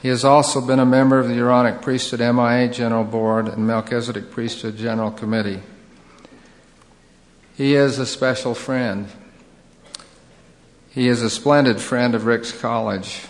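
A man's voice: medium pitch, flat delivery. Man giving a formal speaker introduction. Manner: measured, reading a biography aloud. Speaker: college president introducing the speaker. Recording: long reverb of a large hall.

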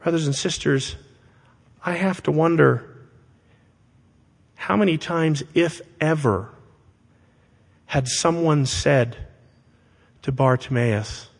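A man preaching a sermon to his congregation, speaking deliberately and with emphasis and asking rhetorical questions. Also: fairly high pitch, creaky, breathy edge. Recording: long hall reverb.

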